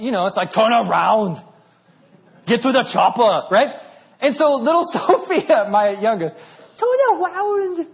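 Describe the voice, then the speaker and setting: A man in his thirties preaching a sermon as pastor, animated and rising to near shouting at his peaks. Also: high-pitched, lo-fi sound.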